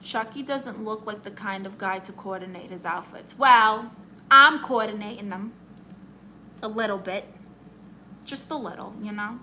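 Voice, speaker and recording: A bright, forceful mid-range voice keeps a measured pace amid slight background noise. The woman chats away in character as a blunt, brash aunt posing as a therapist, coloring and reading the chat during an improvised comedy stream.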